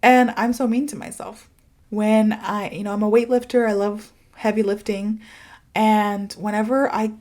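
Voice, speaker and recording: A woman's voice: a little high, warm tone. A woman in her thirties from the United States, hosting a podcast and speaking candidly in a confiding, casual way, with lots of "like" and "you know". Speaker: podcast host and English teacher.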